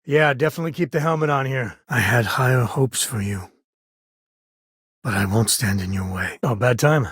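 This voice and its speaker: A laid-back, wry space cowboy in a video game. His husky, breathy tone is mid-pitched and recorded close and dry in a studio. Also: normal speed, fairly bright tone, dry recording. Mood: somber. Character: rugged male space cowboy companion, easygoing. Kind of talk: game voice lines. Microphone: close studio mic.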